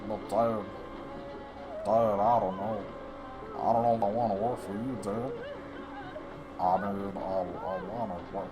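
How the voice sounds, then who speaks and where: A man putting on a low, hesitant mumble with a put-on European accent, playing a son who argues with his father. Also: steady tone, a little slow, long pauses, over music, close to an everyday voice. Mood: reluctant.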